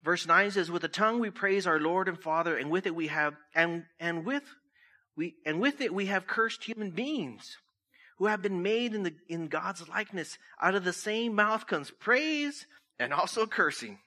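A pastor giving a conversational sermon in a church, joking, laughing often and telling stories between scripture readings. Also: male voice, sits high, expressive, moderate pace, sharp tone.

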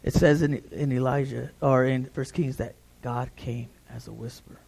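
A man's voice: medium pitch, steady tone, moderate pace, vocal fry, a little mellow. A middle-aged man, a pastor, preaching a conversational sermon, repeating words as he builds emphasis.

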